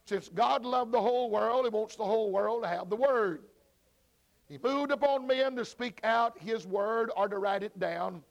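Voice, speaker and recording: A man teaching a church Bible study, talking slowly with many fillers and repeated words, and calling out to people at the back of the room. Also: sits high, gravelly. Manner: slow, repetitive teaching with frequent fillers and restarts.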